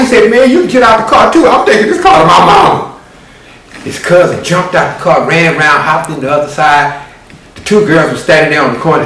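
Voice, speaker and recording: A man's voice: medium pitch, a bit bright. A man telling a story in a folksy, conversational way, as a storyteller. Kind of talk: animated oral storytelling. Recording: roomy, distant, faint hiss.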